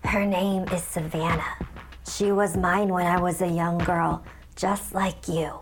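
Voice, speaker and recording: A woman putting on a croaking old shopkeeper. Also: lowish voice, level tone, unhurried. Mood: creepy fond. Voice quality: coarse, dry croak. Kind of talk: horror story narration.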